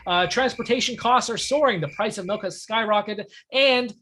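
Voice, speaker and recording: A man's voice: high-pitched, bright, forceful tone, slight background noise. A man hosting a mock game show on a video call, quipping jokes at his panelists. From Canada. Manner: jokey, quick-quipping.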